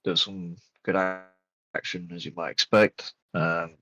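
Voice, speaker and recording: A man's voice: sits low, flat delivery, a little slow, fairly bright tone, dry recording, highs cut off. A young man co-hosting a wrestling podcast, chatting casually and giving blunt, joking opinions. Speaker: podcast co-host. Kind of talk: casual chat.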